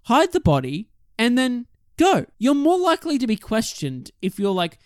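A man's voice: extremely high pitch, normal speed, no room sound, clean studio sound. A man, co-hosting a casual film discussion, swearing freely and acting out lines. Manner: animated, swears freely, acts out quotes. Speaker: podcast co-host.

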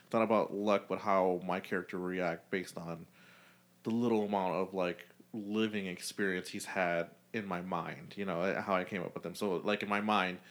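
A podcast host in relaxed conversation, talking in a lowish voice. He rambles through his points with plenty of "like" and "you know". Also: normal speed. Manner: rambling, many fillers. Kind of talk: casual chat.

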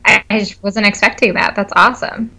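Bright-voiced gushing woman, casual chat. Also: medium pitch, steady tone, fairly quick. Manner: gushing, laughs often, says "like" a lot.

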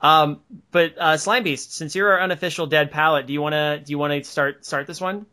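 A man with a slightly raised pitch hosts a loose podcast chat. He laughs a lot and wanders through his sentences with frequent restarts. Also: fairly even intonation, a little fast, pushed and bright. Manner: laughs often, rambling restarts. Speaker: podcast host. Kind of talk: casual group chat.

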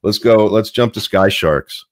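A man hosts a casual conversation in a reflective manner. His voice is very low and deep. The recording is dry and close, with no room echo. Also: unhurried. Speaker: host. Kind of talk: casual podcast chat.

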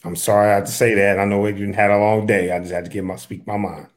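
A man's voice: fairly low pitch, level tone, quick pace. A man in casual chat as a podcast co-host, talking in a blunt, profane, joking way.

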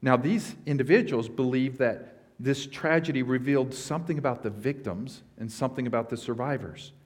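A man's voice: medium pitch, normal speed, a little mellow. A man preaching a sermon, explaining scripture in an earnest way and building to emphatic points. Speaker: pastor.

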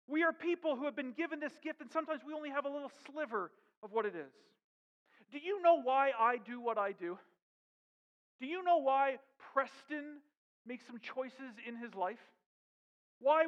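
High-voiced pastor preaching in a hall. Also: male voice, fairly bright tone. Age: adult with young daughters. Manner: emphatic, many rhetorical questions. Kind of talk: sermon. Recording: dull sound with long hall reverb.

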